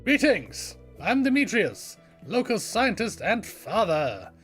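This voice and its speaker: A man putting on a prim, earnest scientist dad from a cozy game, stiff and proper in every word. The voice is pitched noticeably high, with faint game music behind it. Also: huge pitch swings, slow pace, fairly bright tone, exaggerated voice. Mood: formal. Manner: stiff and formal. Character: earnest formal male scientist father.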